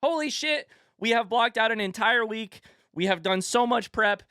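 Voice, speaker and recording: Excited streamer, breathless and dry. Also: male voice, high voice, smooth, no echo. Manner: excitable, hyped announcer delivery that shifts to quick casual asides. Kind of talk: live stream chat with viewers.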